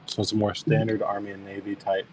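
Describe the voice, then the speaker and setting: Low, flat-voiced man selling coins live. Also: fast talker, a little hiss or hum. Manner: easygoing, describes coins and thanks bidders. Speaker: coin auction seller. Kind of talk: live-stream auction chat.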